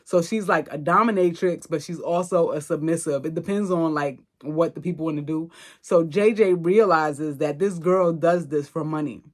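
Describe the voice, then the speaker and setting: A woman hosting a podcast, recapping a film in a chatty, slangy, expressive way. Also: sits low, normal speed. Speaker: podcast host. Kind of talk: casual movie recap.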